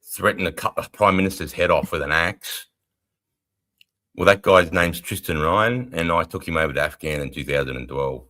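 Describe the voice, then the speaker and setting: A middle-aged Australian army veteran co-hosting a casual live stream, blunt, rambling and heavily profane. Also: male voice, deep voice, normal speed, bright, forceful tone. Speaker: livestream co-host, army veteran.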